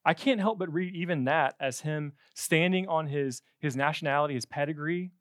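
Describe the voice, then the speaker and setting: Male preacher, conversational and jokey, higher voice, dry close sound. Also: normal speed, no room sound. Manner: animated, conversational, jokey asides. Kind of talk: sermon.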